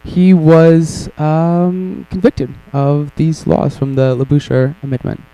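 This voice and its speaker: A man's voice: a little high, little pitch movement, slow, warm tone, smooth, no room sound, poor audio. A man presenting a workshop session in a casual, irreverent way, with joking asides and frequent ums. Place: conference session room.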